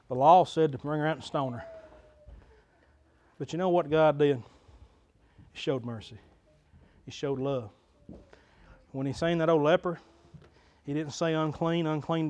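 High-voiced pastor preaching. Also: male voice. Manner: folksy, builds to loud preaching crescendos then drops low. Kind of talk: sermon. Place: church sanctuary.

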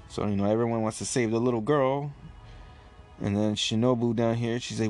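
A man casually reviewing a comic chapter, relaxed and rambling with lots of fillers. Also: medium pitch, normal speed, faint music behind.

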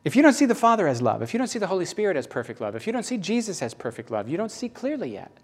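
A man preaching a sermon, emphatic and repetitive, swinging between loud bursts and hushed lines. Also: high voice, sing-song, very fast, slightly rough.

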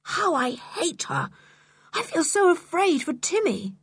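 A woman's voice: mid-range voice, big pitch swings, moderate pace, breathy edge, dry recording. A woman reading an audiobook, voicing a fierce, protective tomboy girl who speaks sharply and angrily. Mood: angry. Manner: sharp, angry.

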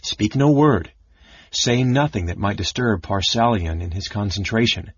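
A man playing a grave hushed mage. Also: fairly low pitch, expressive, a little slow, breathy edge, dry recording, exaggerated voice. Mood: hushed awe. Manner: soft, grave, commanding. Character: stern, hushed older male mage in red robes. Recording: dull lo-fi audiobook recording.

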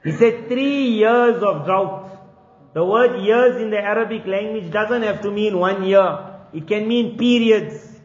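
A man's voice: high voice, a little slow. A man giving an earnest sermon, asking rhetorical questions and acting out quotes. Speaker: preacher. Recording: echoey hall, dull lo-fi sound.

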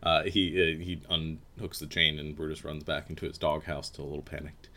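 A man narrating a tabletop game as game master, halting with many fillers and laughs. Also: rumbling low, little pitch movement, bright, forceful tone.

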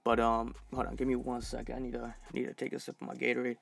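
Gravelly, profane man ranting on a podcast. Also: mid-range voice, monotone, fast. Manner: profane, heated, many fillers. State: recovering from infection, dehydrated. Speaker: podcast host reviewing fights. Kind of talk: casual solo podcast rant.

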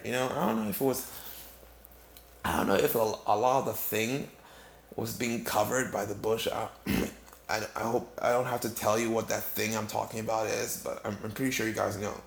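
A man's voice: medium pitch, gravelly, slight background noise. A man telling a comic story in a casual, rambling way, full of fillers and restarts. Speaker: comedic storyteller. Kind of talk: rambling comedic monologue. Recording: echoey room.

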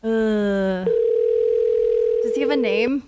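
A woman's voice: fairly high pitch, slow, heavy background noise. A woman making prank calls with friends, giggly and swearing freely in comedic banter. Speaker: prank caller.

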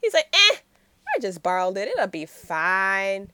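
Animated woman with a lively voice. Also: mid-range voice, measured pace, smooth, dry recording. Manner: animated storyteller, acts out characters' lines, laughs often. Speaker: podcast co-host recapping a series. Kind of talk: casual chat.

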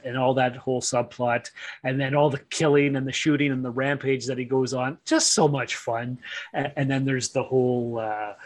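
Podcast guy, deadpan sarcastic film chat, plain mid voice. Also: medium pitch. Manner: dry, sarcastic understatement. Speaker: podcast co-host.

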